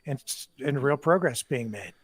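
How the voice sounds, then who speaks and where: A man's voice: mid-range voice, expressive, moderate pace, no room sound. A man co-hosting a livestream, speaking earnestly and mostly adding short agreements. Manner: brief affirmations, earnest. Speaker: co-host. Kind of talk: casual panel chat.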